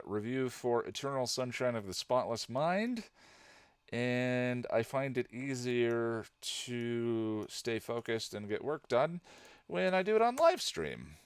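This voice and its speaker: A man's voice: medium pitch, clear, resonant tone, no room sound. A man hosting a casual live stream while he edits a video review, muttering distracted asides to himself and greeting viewers. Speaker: channel host editing a video review.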